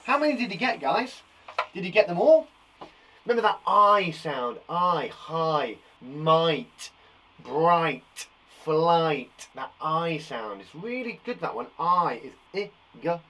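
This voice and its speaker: A man's voice: fairly high pitch, expressive, takes it slowly, bright, forceful tone. A man teaching a phonics lesson to young children online, upbeat and playful, joking and praising often. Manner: upbeat and playful, sings and jokes.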